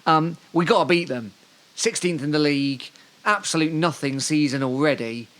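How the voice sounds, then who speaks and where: A man's voice: a little high, normal speed, a bit bright. A man from Devon co-hosting a casual football podcast, rambling through the news with dry, joking asides. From Devon, England. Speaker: podcast co-host.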